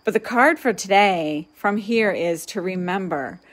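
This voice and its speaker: A woman of medium pitch talks softly into a webcam or phone on a live stream, guiding her listeners in a soothing way. Her delivery is relaxed and chatty, full of affirmations and light laughter. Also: a little slow, few pauses. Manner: gentle, soothing, laughs often. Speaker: spiritual teacher hosting a live session.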